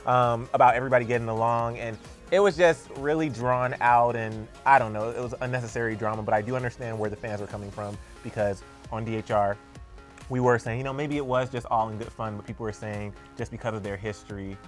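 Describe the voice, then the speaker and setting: A young adult man co-hosting a casual celebrity news show, relaxed and conversational, chiming in with quick agreement. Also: mid-range voice, faint music behind. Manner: relaxed, conversational, frequent "yeah" and "mm-hmm". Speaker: entertainment news co-host.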